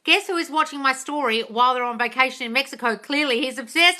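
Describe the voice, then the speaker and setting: Bright, chatty woman on a live stream. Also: high-pitched, quick pace, hardly any pauses. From England. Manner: chatty, swears freely, greets viewers excitedly. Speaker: manifesting coach. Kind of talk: casual live-stream chat.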